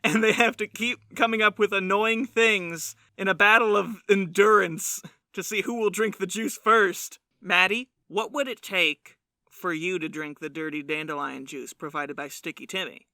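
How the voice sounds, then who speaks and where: A man's voice: sits high, steady tone, moderate pace, bright, forceful tone, no room sound, clean studio sound. A young man co-hosting a podcast in casual chat, joking and exaggerating, swearing casually. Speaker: podcast co-host.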